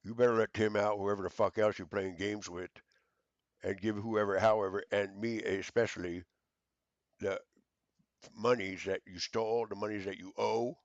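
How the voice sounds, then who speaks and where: A man's voice: on the low side, fairly even intonation, normal speed, no echo, lo-fi sound. A man in an angry, profane rant to camera, stammering through fillers and hurling accusations. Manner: shouting accusations, stammering fillers, heavy cursing.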